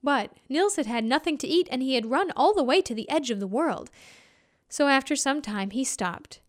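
A woman telling a folk tale expressively, voicing sound effects and dropping to hushed whispers. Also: sits high, lively intonation, moderate pace. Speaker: storyteller.

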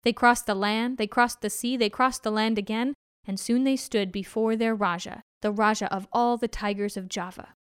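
Woman storyteller, higher voice, clean dry read. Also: steady tone, clean tone, dry recording. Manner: gentle, measured narration.

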